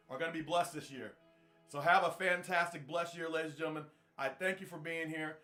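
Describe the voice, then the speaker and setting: A man's voice: a little high, fast talker, sharp tone, soft background music. A man hosting a podcast, giving an earnest, repetitive motivational talk in a preacher-like manner. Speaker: podcast host. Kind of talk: motivational monologue.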